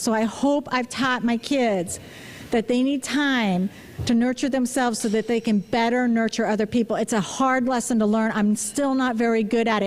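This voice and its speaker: A woman, a physician, giving a public talk and asking the audience questions, with many restarts and "you know" fillers. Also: fairly high pitch. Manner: engaging, asks the audience questions.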